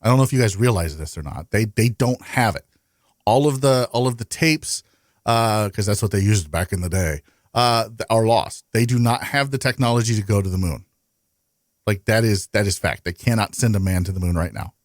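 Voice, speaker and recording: A man's voice: lowish voice, fairly quick, dry recording, clean studio sound. A man ranting and telling profane stories as a guest in casual podcast banter.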